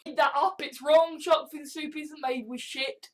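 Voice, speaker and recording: A woman's voice: high voice, steady tone, a little slow. A woman vlogging, ranting bluntly and swearing constantly as she comments. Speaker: video blogger.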